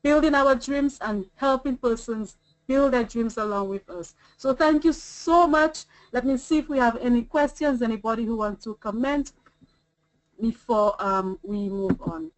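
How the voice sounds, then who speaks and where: Woman running a group call, upbeat pep talk, kinda high voice, dry sound. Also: measured pace, dry recording, rough recording. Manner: upbeat, rallying, list-like delivery. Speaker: host of a business group call. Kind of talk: motivational talk on a conference call. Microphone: online call audio.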